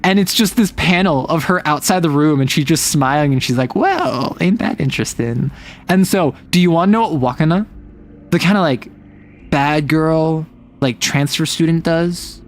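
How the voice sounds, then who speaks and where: A man streaming a casual chat, retelling a story in an animated, rambling way full of fillers. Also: fairly high pitch, moderate pace.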